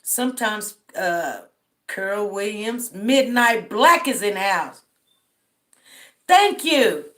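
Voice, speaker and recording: Speaking slowly in a mid-range voice with lively intonation, this livestream host runs a casual roll call. She's a middle-aged Denver woman who sounds tired, greeting viewers by name and drawling out friendly shout-outs.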